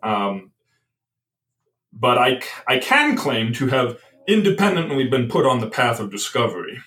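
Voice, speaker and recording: A man of middle pitch speaks as a guest on a podcast, thinking aloud with many restarts and small hesitations. He sits a little back from the microphone, so his voice sounds slightly distant. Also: very animated, unhurried, fairly bright tone. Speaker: guest author. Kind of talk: podcast conversation.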